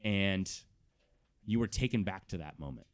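A man narrating as game master of a tabletop game, telling the scene in an animated way and stretching out words. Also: low-pitched. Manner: animated storytelling, drawn-out words.

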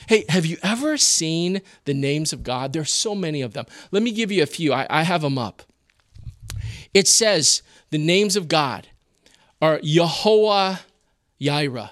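A man preaching a sermon in an expressive, teaching manner with rhetorical questions. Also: fairly high pitch, unhurried, dry recording, studio quality. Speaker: pastor.

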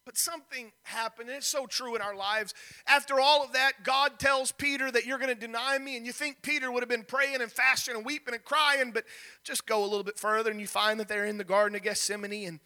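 A man preaching a sermon, retelling a story with animated delivery and acting out the characters' lines. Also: extremely high pitch, a little fast. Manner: animated, acts out the characters' lines, repeats words.

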